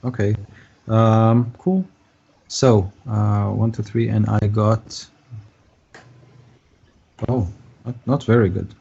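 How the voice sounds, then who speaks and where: A man's voice: lowish voice, takes it slowly, gravelly, pauses often, breathy edge. A man running a tabletop game as game master, talking with many fillers and restarts. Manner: hesitant, many fillers, puts on shouting voices for figures. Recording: dull lo-fi voice chat audio.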